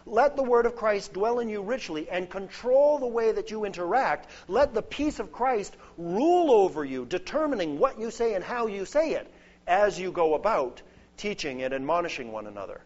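A man's voice: sits high, sing-song, normal speed, darkish tone. A man preaching a sermon, earnest and emphatic, building points through lists. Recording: dull lo-fi sound.

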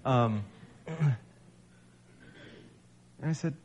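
A man's voice: mid-range voice, extremely slow, a little mellow, husky, dull audio. A man giving a storytelling talk in front of an audience, sharing a personal testimony in a conversational, wry, self-deprecating way.

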